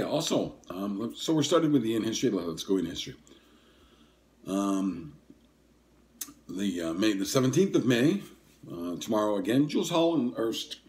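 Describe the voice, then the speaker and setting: Low-voiced rambling older man hosting a podcast. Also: darkish tone. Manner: rambling and hesitant, full of ums and self-corrections. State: coughing and sniffling. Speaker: podcast host. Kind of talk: casual solo podcast chat.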